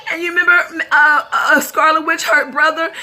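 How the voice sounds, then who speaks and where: A high-pitched woman with a bright, sharp voice gives a casual film review on her vlog. She cries as she talks, sobbing and laughing in turns. She rambles on like an excited fan. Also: moderate pace. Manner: tearful, talks through sobs and laughs. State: crying.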